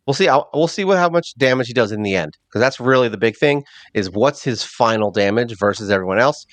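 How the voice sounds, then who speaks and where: A man's voice: medium pitch, expressive, brisk, dry recording. Rambling self-mocking male game commentator. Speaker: mobile game channel host. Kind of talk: casual gameplay commentary.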